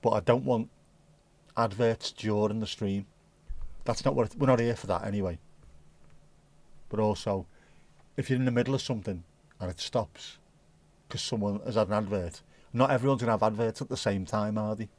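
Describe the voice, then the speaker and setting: A man's voice: on the low side, normal speed, long pauses, darkish tone. Rambling man on a livestream. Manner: rambling, thinking aloud, chatting to viewers. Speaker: livestream host. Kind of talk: casual livestream chat.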